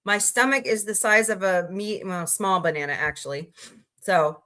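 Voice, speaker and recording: Bright-voiced chatty woman streamer from Missouri. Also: mid-range voice, normal speed. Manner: chatty, rambling, greets viewers and reacts to chat. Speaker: livestream host. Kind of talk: casual livestream chat.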